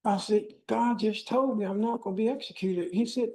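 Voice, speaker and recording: Mellow-voiced older man telling his story. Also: sits high, moderate pace, low-quality recording. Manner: storytelling, acting out dialogue. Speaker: keynote speaker. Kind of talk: personal testimony speech.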